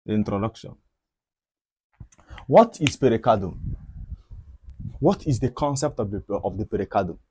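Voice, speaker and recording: A man's voice: on the low side, animated, moderate pace, pauses often, warm tone, husky, dry recording. Man giving an anatomy lecture, questions. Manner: repeats key points, asks rhetorical questions. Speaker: medical educator. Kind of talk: anatomy lecture over diagrams.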